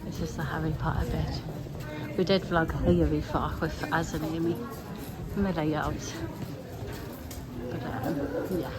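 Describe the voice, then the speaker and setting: A woman's voice: low voice, fairly even intonation, a little slow, a loud crowd, low-quality recording. A young woman, chatting casually to her phone camera outdoors in a town and laughing often. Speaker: vlogger. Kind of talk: casual vlog chat. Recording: outdoor phone video with street noise.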